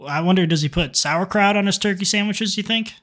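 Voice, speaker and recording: A man's voice: high-pitched, fairly quick, fairly bright tone. A young man co-hosting a podcast, reading listener questions and cracking jokes in casual chat. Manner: joking, reads listener questions. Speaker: podcast co-host.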